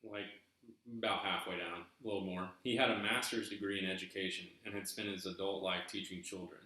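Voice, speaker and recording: This treasure hunt host has a deep, steady voice, pushed and bright, and talks a little fast in a very echoey room. He reads from a book with casual, folksy musings, putting on a Southern American accent.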